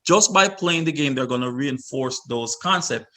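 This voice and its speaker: Bright-voiced man presenting a virtual workshop. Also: medium pitch, animated, moderate pace. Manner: instructive, repeats himself with many restarts. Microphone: video call.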